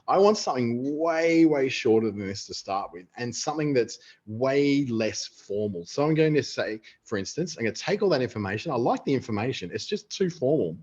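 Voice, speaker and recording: Husky Australian man demoing software. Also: mid-range voice, animated, fairly quick, few pauses. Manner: chatty, thinks aloud while typing. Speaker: webinar presenter. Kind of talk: casual live software demonstration. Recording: dull lo-fi webinar audio.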